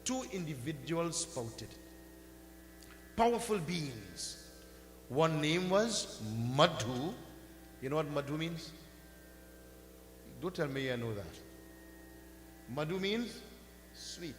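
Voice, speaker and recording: A man giving a religious discourse, telling a sacred story with slow, swelling emphasis and chanting mantras now and then. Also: a little high, animated. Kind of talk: sermon storytelling. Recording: echoey hall with faint hum.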